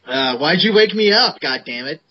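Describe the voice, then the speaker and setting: Man, crude profane podcast co-host, husky fairly high voice. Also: animated, normal speed. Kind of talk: casual chat. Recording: dull lo-fi sound.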